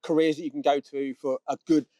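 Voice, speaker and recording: A man's voice: on the high side, level tone, quick pace, mellow, no room sound. A man, a guest on a casual podcast chat, mostly giving short agreeing replies with stammered restarts.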